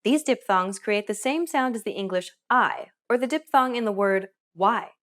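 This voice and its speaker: A woman presenting a scripted language lesson, with upbeat and clear instructional delivery. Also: mid-range voice, moderate pace, fairly bright tone. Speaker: language teacher.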